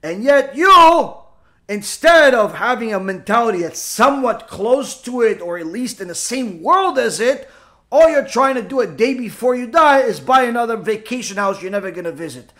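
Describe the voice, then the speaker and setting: High-pitched man preaching with emphatic repetition. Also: animated, a little fast, fairly bright tone. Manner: emphatic, repeats key phrases, rhetorical questions; mixes Hebrew terms into English. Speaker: Torah teacher. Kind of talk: explaining Talmud text in a religious class.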